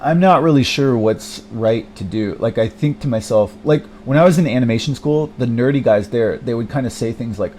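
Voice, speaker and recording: A man's voice: mid-range voice, normal speed, hardly any pauses, warm tone, slight background noise. Hesitant young man rambling alone. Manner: hesitant, many fillers and restarts, self-deprecating, swears often. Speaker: vlogger. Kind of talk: rambling personal monologue.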